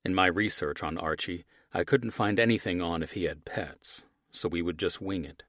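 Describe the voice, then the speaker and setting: A very deep-voiced man narrates an audiobook in the first person, gruff and steady. His voice is recorded close up on a dry studio mic. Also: normal speed, dry recording. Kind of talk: scripted narration.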